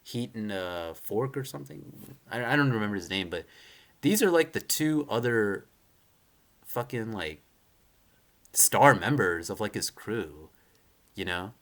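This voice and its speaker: A man's voice: fairly low pitch, very animated, measured pace, long pauses, a bit bright. A young man reacting live to a manga chapter in a casual, rambling rant, full of fillers and restarts, swearing and opinionated. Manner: rambling, heavy use of "like" and "you know", frequent restarts.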